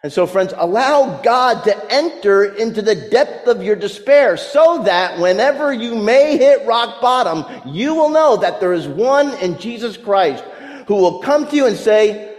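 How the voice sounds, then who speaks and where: A man preaching a sermon, telling stories and swinging from loud to hushed delivery. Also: sits high, lively intonation, measured pace, in a large hall. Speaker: pastor.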